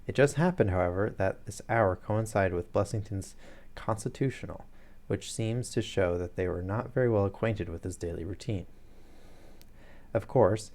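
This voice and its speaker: Sharp cool detective walking thru his logic, a guy reading it, lowish voice. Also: creaky.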